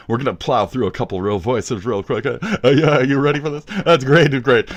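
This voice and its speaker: A man hosting a livestream, ranting with lots of cursing, swinging between yelling and muttering. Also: mid-range voice, animated, moderate pace. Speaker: livestream host.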